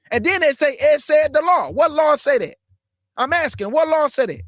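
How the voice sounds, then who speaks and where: A man preaching Bible commentary, emphatic and firing rhetorical questions, reading scripture aloud slowly and deliberately. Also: very high-pitched, lively intonation, a bit bright, dry recording, studio quality. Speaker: online Bible teacher.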